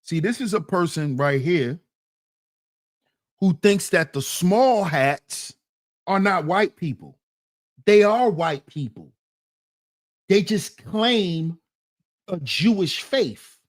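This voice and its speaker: A man's voice: high voice, expressive, slow, pauses often, no echo, clean studio sound. A man hosting a livestream, reading chat comments aloud and answering them in an emphatic, mocking way that repeats phrases.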